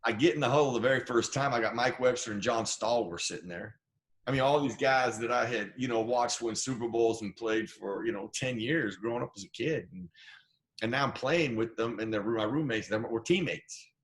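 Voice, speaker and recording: Animated storytelling man from Idaho. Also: medium pitch, normal speed. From Idaho, USA. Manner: animated storyteller, acts out quoted voices. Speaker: guest, former football player. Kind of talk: casual storytelling interview.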